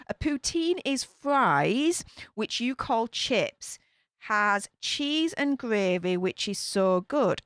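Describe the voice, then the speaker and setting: A woman's voice: medium pitch, fairly bright tone, no room sound, studio quality. A woman with a Northern English accent hosting a casual live stream, chatting and reading out viewer comments. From England. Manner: chatty, laughs often, reads comments aloud. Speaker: YouTube commentary host reading live chat.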